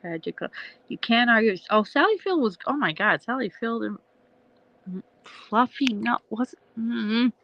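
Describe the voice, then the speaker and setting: A woman's voice: fairly high pitch, animated, unhurried, no echo, dull audio. Rambling woman chatting on a livestream. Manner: laughs often, swears, trails off mid-sentence. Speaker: livestream host. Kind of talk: rambling casual chat.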